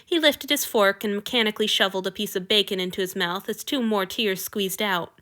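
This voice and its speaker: A woman narrating a story in an expressive audiobook reading. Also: medium pitch, brisk. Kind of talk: audiobook fan fiction reading.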